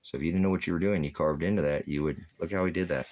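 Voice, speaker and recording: A man vlogging in casual chat, rambling and repeating himself with halting restarts. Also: sits low, steady tone, darkish tone.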